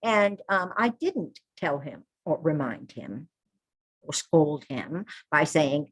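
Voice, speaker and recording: A woman's voice: sits low, lively intonation, slow, low-quality recording. A middle-aged woman, a birth keeper, gives an earnest, informal talk to an audience and keeps checking in with "all right" and "okay".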